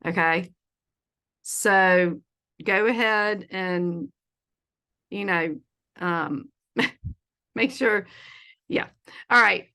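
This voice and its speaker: A woman's voice: medium pitch, drawn-out words, pauses often, bright, forceful tone. A woman teaching an online feng shui class in a chatty, playful way, laughing often. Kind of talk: casual online presentation. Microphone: video call.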